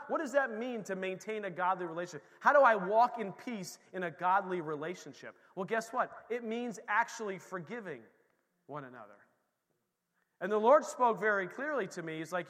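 A man preaching a sermon in a lively, conversational way, moving between quiet asides and emphatic points. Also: sits high, fairly quick. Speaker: pastor. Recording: long hall reverb.

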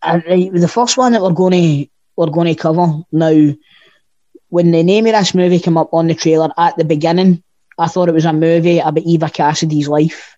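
A man's voice: a little high, steady tone, brisk, warm tone, no room sound, dull audio. A Scottish man co-hosting a podcast, chatting casually with blunt, sweary banter. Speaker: podcast co-host. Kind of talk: casual chat.

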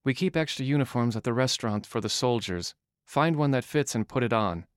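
A man's voice: mid-range voice, a little fast, clear, resonant tone, no echo, studio quality, natural voice. A man voicing a determined, resourceful young woman who speaks firmly and directly in an audiobook. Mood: matter-of-fact. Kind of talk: audiobook character voice.

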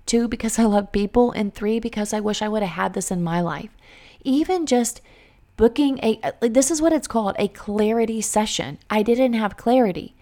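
A woman's voice: fairly high pitch, normal speed, warm tone. A woman coach in her thirties speaks with earnest emphasis. She addresses her listeners directly in a faith-based motivational talk.

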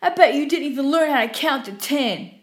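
A woman's voice: high voice, expressive, fairly quick, pitched above the performer's own voice. A woman voicing a rude male customer who mocks and insults the person serving him. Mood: sneering. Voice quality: mocking, contemptuous.

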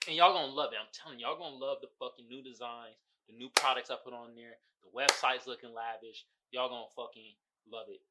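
A man hosting a casual solo podcast, talking loudly and profanely, often laughing and shouting exclamations. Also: mid-range voice, steady tone, fast, few pauses, heavy background noise. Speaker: podcast host.

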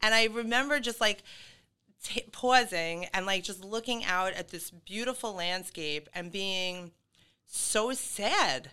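A woman's voice: mid-range voice, takes it slowly, sharp tone, clear, resonant tone. A middle-aged woman telling her story as a podcast guest, talking casually with lots of fillers and laughs. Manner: chatty, full of fillers and laughs.

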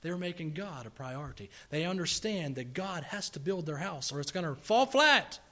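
A man preaching a sermon in a church service, earnestly pleading with and exhorting his congregation, rising to forceful emphasis. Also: a little high, animated, moderate pace.

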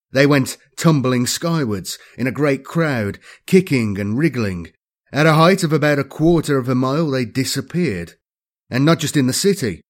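A man giving a measured, dramatic scripted audiobook narration. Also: mid-range voice.

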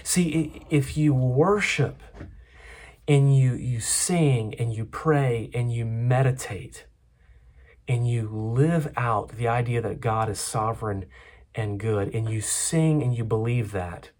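A man's voice: medium pitch, slow, darkish tone. A man preaching a sermon as pastor, earnest, often repeating and restarting words as he speaks.

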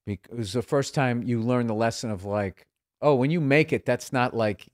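A man's voice: mid-range voice, normal speed, no room sound, clean studio sound. A man chatting as a comedian guest, telling rambling, profane stories full of restarts. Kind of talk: casual chat.

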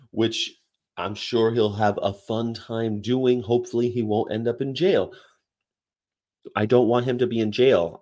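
Rambling low-voiced male streamer. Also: darkish tone. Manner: meandering, chatty, reads definitions aloud. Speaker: livestream host. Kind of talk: casual rambling commentary.

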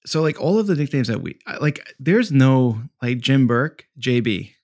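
A man's voice: mid-range voice, sing-song, moderate pace, a little mellow, no room sound, clean studio sound. A man co-hosting a casual podcast, a student pilot who jokes and rambles. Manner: joking, rambling.

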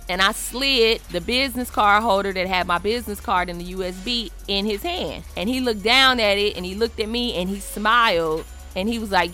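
Woman, casual storyteller, bright tone, animated, slangy delivery. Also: mid-range voice, brisk, few pauses, faint music behind. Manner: animated and emphatic, slangy, acts out the quotes.

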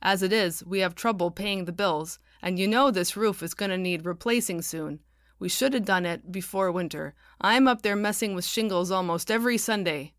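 A gruff, blunt man handling the money, played by a woman reader, snaps out his points. His storybook voice is plain-spoken and curt. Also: high-pitched, normal speed, a bit bright, no room sound, studio quality. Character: gruff blunt male church treasurer.

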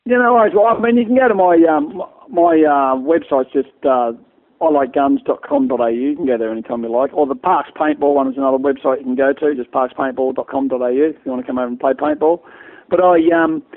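Gravelly fast-talking Australian man. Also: medium pitch. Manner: rambling, storytelling, many restarts. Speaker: guest. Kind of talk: casual interview chat. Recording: tinny phone-like line.

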